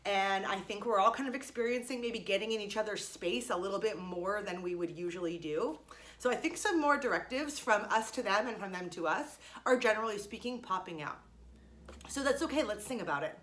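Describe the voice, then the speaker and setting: A woman's voice: mid-range voice, fairly quick, fairly bright tone. A young woman teaching a music lesson to children, explaining each step in an encouraging way. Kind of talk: online music lesson for kids.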